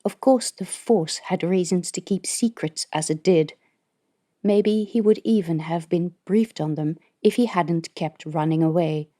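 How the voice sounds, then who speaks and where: A woman reading an audiobook as narrator, in steady scripted narration. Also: on the low side, measured pace.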